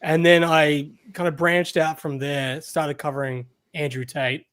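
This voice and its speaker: A man's voice: a little high, little pitch movement, measured pace, a bit bright, no echo, studio quality. A man with an Australian accent, a guest on a podcast, talking casually and hesitantly with many fillers. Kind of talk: casual interview chat.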